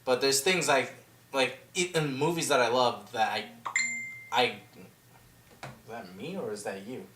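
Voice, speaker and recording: A young man co-hosting a casual movie podcast, animated and swearing freely, often mimicking film characters. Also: mid-range voice, measured pace, long pauses, reverberant, background noise. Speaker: podcast co-host. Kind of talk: casual chat about movies.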